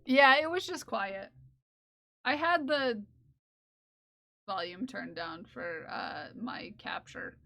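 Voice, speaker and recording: A woman's voice: medium pitch, sing-song, takes it slowly, long pauses, a bit bright. A woman hosting a live stream, chatting casually with her viewers and playfully scolding them. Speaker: livestream host.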